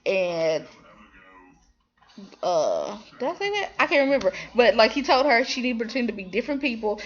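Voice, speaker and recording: A woman's voice: fairly high pitch, moderate pace, lo-fi sound. A woman casually recapping a TV drama episode, rambling with lots of fillers and restarts and slipping into quoted voices. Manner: animated, slips into quoted voices.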